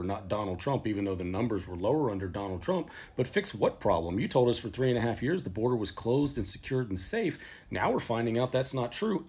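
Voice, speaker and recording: Man, husky voice, lively pitch, political commentary, sarcastic, rhetorical questions.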